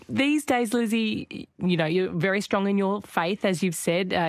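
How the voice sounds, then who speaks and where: A woman interviewer leads the conversation with quick, measured questions. Her voice sits on the lower side and is recorded dry and close, with no room echo.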